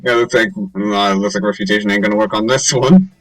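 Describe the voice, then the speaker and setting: A man plays a tabletop game in a loose, joking way. He sits some distance from the mic, so his voice sounds a bit far off. Soft music plays underneath. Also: fairly low pitch, steady tone, fairly quick. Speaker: player. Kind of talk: playing a tabletop game over voice chat.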